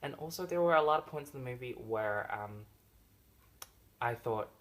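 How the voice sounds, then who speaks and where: Jokey, animated young-sounding male movie reviewer. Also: moderate pace. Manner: animated and jokey, with big swings in loudness and pitch; addresses the actors directly in mock complaint. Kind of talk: casual spoken movie review.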